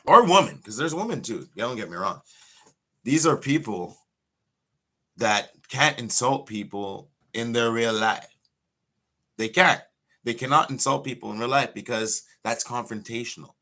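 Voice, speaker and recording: A man's voice: mid-range voice, expressive, unhurried, sharp tone. A man, a pro wrestler ranting bluntly and profanely on a casual livestream.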